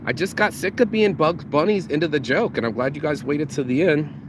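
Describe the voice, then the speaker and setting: A man's voice: on the high side, fairly quick. Slangy motivational man outside by traffic. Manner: slangy, profane, repeats words when excited. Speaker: motivational vlogger. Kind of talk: casual motivational monologue.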